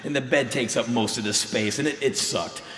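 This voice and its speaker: A man's voice: medium pitch, normal speed, a bit bright. An American man in his thirties, telling a story on a live stage in an intense, blunt, emphatic way. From United States. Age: 30s. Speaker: spoken word performer. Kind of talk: live spoken word storytelling. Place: live stage in a concert venue. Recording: echoey live hall recording.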